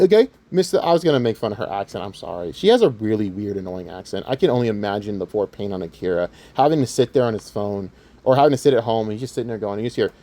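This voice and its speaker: A man's voice: medium pitch, expressive, quick pace, mellow. A man hosting a commentary channel, ranting with heated, taunting profanity. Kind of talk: angry rant to camera.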